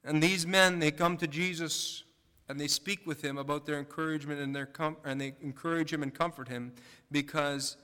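Male pastor preaching, bright crisp voice, lots of rhetorical questions, echoey hall. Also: fairly high pitch, fairly even intonation, moderate pace. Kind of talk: sermon. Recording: long hall reverb.

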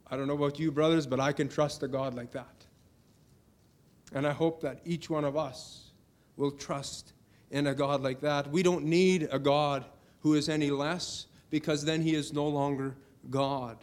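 A man's voice: on the high side, steady tone, normal speed. A middle-aged man preaching a sermon earnestly, building to emphatic declarations as he reads scripture.

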